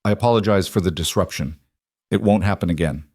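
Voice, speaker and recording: A man voicing a frightened young woman, a waitress hiding her past, speaking quietly and tensely with an Italian accent. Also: low-pitched, brisk, husky, no echo, clean studio sound. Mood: guarded. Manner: hushed and tense.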